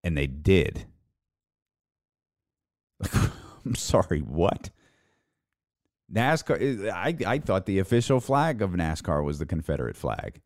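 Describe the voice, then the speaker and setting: A man's voice: low-pitched, very animated, normal speed, few pauses, no room sound, clean studio sound. A man hosting a solo sports talk show, speaking in a casual, opinionated way with wry, exasperated asides. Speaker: sports talk podcast host.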